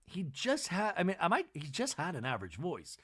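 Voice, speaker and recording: Lively, rambling male podcast host. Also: sits high, fairly quick, breathy edge. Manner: chatty, rambling, self-interrupting. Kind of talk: comic episode recap.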